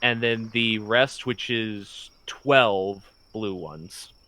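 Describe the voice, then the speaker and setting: A man's voice: fairly low pitch, very slow, sharp tone, rough recording. A man narrating as game master of a tabletop game in an easygoing, descriptive way.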